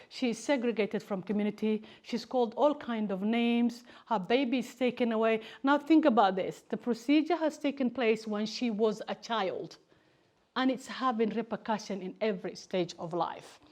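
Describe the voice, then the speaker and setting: A woman, Somali her first language, speaking to students in a raised, higher-than-usual voice. She tells stories with animation and slips into acted voices for people she describes. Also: moderate pace. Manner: animated storytelling, acts out family members' voices. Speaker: campaigner giving a talk to students. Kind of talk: lively personal talk.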